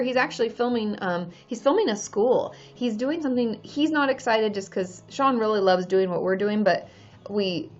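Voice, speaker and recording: A woman's voice: fairly high pitch, highs cut off. A woman from Washington State, a therapist chatting casually on a livestream, answering viewers and reading their names aloud.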